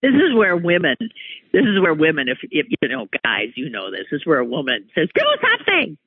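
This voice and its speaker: A man telling a personal anecdote in an animated, exclaiming way, breaking off and restarting mid-sentence. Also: fairly high pitch, a little fast, husky, no room sound. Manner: animated, exclaiming, self-interrupting. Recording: tinny phone-like line, dry.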